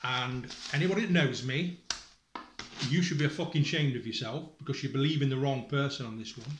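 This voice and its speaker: A distressed, emotional father speaks straight to camera to his family, his mid-range voice a little fast in a roomy space with background noise. He's angry and accusing, swearing and breaking off sentences as he reads aloud from a school report.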